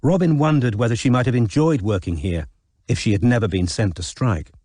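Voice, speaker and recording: A man reading an audiobook in measured, even scripted narration. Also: mid-range voice, dry recording, studio quality.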